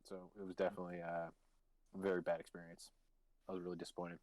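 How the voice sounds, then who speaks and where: A man's voice: low voice, flat delivery, fast talker, a little mellow, no room sound, rough recording. A man hosting a live stream and telling casual stories, swearing freely and laughing mid-sentence. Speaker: stream host. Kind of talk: casual chat, telling anecdotes.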